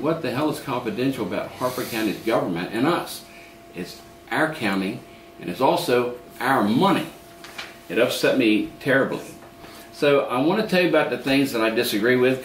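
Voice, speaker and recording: Folksy man telling a political story. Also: on the low side. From Maryland, USA. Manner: chatty, acts out quoted voices, repeats and restarts. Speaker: county council candidate. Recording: roomy echo with faint background noise.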